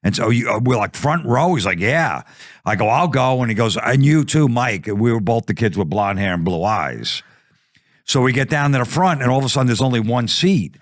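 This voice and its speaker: Low-voiced man telling a profane story. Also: brisk, no echo, clean studio sound. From New Jersey. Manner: profane, animated storytelling with acted-out quotes. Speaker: comedian guest. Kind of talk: comic storytelling.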